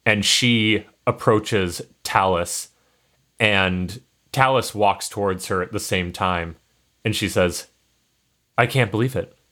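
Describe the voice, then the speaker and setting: A man's voice: sits low, slow, pushed and bright. A man narrating as game master of a tabletop role-playing game, loose and joking.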